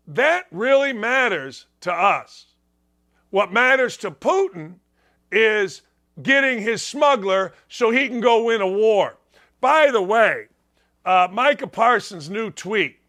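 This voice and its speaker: Sarcastic high-voiced sports talk host. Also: male voice, lively intonation, sharp tone. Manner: sarcastic, rapid riffing, reads viewer comments aloud.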